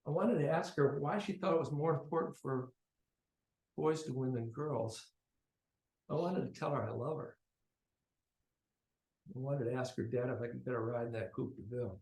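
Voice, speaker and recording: A man of medium pitch tells a personal story in a chatty, animated voice that swings from loud to hushed. The recording has a roomy echo around him. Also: moderate pace, pauses often. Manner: conversational, animated, swings between loud and quiet.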